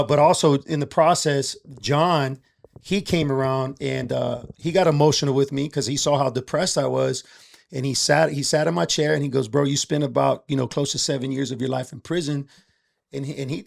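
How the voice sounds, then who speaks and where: A middle-aged entrepreneur with a slightly high, gravelly voice appears as a podcast guest. In a casual chat he candidly shares a personal story, coming across as streetwise and emotional.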